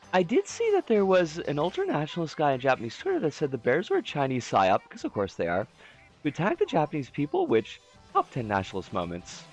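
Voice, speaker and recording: A man's voice: wildly swooping pitch, fairly quick, dull audio, faint music behind. A man streaming a game, chatting in a rambling, jokey way. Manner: rambling, jokey, swoops in pitch. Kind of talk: casual game-stream chat.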